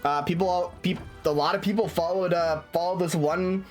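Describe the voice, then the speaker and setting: A man's voice: sits high, fairly even intonation, normal speed, soft background music. A man streaming a game, chatting casually and rambling with lots of fillers, restarts and swearing.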